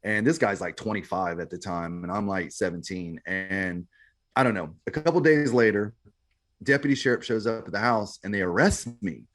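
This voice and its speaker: On a podcast, a male guest tells his story in a laid-back, slangy manner, frequently saying "man" and "bro." His voice is on the low side and fairly bright, at normal speed.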